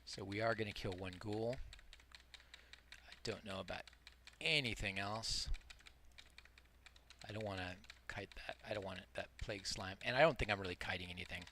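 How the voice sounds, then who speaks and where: A man's voice: lowish voice, fairly even intonation, normal speed, pauses often, bright, forceful tone, a little hiss or hum. A middle-aged man giving casual, rambling gameplay commentary as a streamer, explaining tactics as he plays and poking fun at himself. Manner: rambling, explains tactics while playing, self-deprecating. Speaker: multiboxing game streamer.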